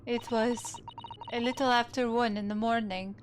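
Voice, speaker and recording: Woman playing a frightened, hushed young Russian woman. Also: a little high, steady tone, moderate pace, noisy background, close to an everyday voice. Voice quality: breathy, trembling, hushed. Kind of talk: let's play voice acting of game text. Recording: game music underneath.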